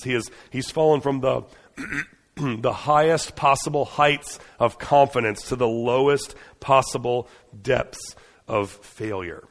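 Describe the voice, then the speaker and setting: A man's voice: medium pitch, slow. Man preaching in an echoing hall. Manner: conversational and earnest, with frequent restarts and fillers. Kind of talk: sermon.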